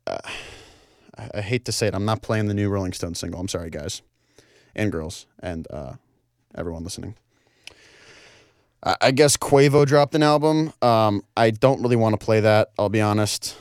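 A man's voice: lowish voice, moderate pace, no room sound, studio quality. Rambling young man hosting college radio. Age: young adult. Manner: easily flustered, apologetic, rambling with fillers. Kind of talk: casual radio chat. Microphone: studio microphone.

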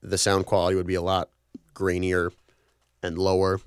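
A man's voice: deep voice, completely flat delivery, moderate pace, clean tone, no echo. A young man in his twenties hosting a college radio show in a small studio, rambling and apologizing in a casual way. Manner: apologetic, rambling, self-deprecating. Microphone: studio microphone.

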